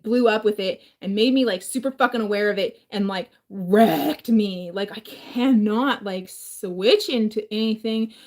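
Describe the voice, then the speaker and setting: A woman with a slightly high voice records a rambling, casual home vlog in her kitchen. A throat injury has changed how she sounds, and she peppers her speech with fillers and swearing.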